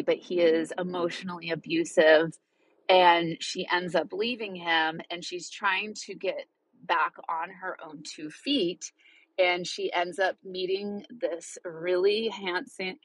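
A woman in her thirties telling a personal story in a vlog, halting and tearful, often restarting her sentences. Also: fairly low pitch, dry recording. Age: 30s. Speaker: vlogger. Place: parked car.

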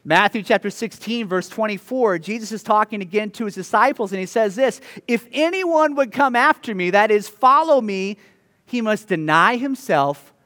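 A male pastor preaching a sermon, telling the story with lively, playful asides to the congregation. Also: high-pitched, moderate pace, big-room sound. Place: church sanctuary.

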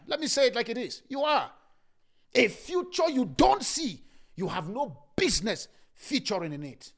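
A male preacher delivers a sermon in a high, animated voice. He repeats key lines for emphasis and swings from loud declarations to hushed asides. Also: normal speed. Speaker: pastor.

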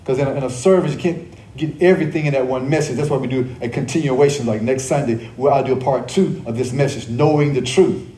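Man preaching with a warm voice in a roomy church. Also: mid-range voice, fast, a little hiss or hum. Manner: repeats key phrases and quizzes the congregation; conversational preaching with joking asides. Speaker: pastor. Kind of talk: sermon. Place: church service.

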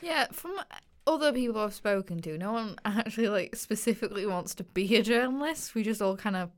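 A woman's voice: mid-range voice, lively intonation, fairly quick. A young woman hosting a casual podcast, chatty and teasing with her guest. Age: young adult. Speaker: podcast host.

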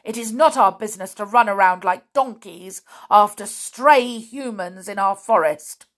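A woman's voice: a little high, fairly even intonation, moderate pace, voice pushed up. A woman voicing a stern, angry male centaur who thunders indignantly in a storybook reading. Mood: furious.

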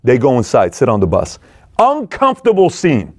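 Animated man retelling a story. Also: moderate pace, no room sound, clean studio sound. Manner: energetic, acts out dialogue, swings between loud and low. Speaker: speaker retelling a film and business lessons.

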